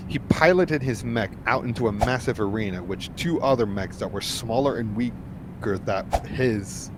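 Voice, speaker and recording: Male amateur reader, lowish voice, halting delivery with restarts; noisy home recording. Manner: halting reading with restarts, pushed-up pitch for quoted lines. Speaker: fanfic reader. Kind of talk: reading a fan story aloud.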